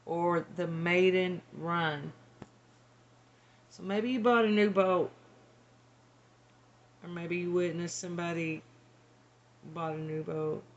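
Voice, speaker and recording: A woman's voice: on the low side, fairly even intonation, slow, long pauses, dull audio, a little hiss or hum. A woman working as a psychic medium, relaying channeled messages in a hesitant, tentative way. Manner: hesitant, tentative, laughs between.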